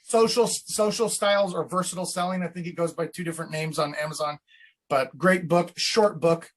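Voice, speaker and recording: A man's voice: fairly high pitch, fairly even intonation, a little fast. A man coaching real estate agents on sales scripts in a casual teaching chat, acting out client lines as he goes.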